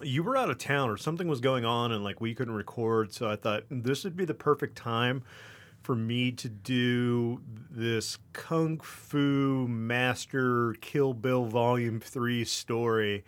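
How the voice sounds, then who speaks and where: A man's voice: medium pitch, unhurried. Rambling man telling a casual podcast story. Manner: rambling, self-deprecating storytelling with frequent fillers. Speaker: podcast co-host. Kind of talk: casual chat.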